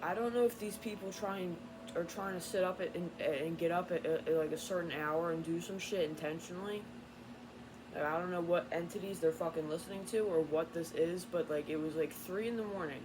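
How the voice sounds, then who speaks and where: A woman tarot reader ranting in an unscripted vlog, irritated and profane, rambling and getting louder. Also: fairly low pitch, fairly quick, noisy background. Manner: grows louder and more heated.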